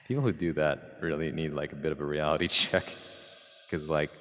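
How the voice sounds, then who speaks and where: A man's voice: rumbling low, fairly even intonation, normal speed, fairly bright tone, big-room sound. An American man streaming live, chatting in a rambling, jokey way straight to his viewers. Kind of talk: casual chat with live chat.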